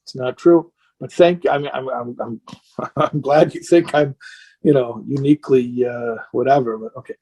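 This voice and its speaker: A man's voice: medium pitch, steady tone, moderate pace, dark tone, husky, lo-fi sound. A man speaking as a rabbi in an impassioned question-and-answer talk, earnest and emotional, sounding tired and worn down.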